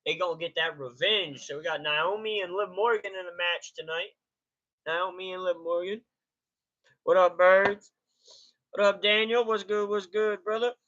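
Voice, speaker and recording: A man's voice: sits high, steady tone, moderate pace, sharp tone. A man hosting a casual live reaction stream, laid-back and greeting his chatters by name. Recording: dull lo-fi stream audio.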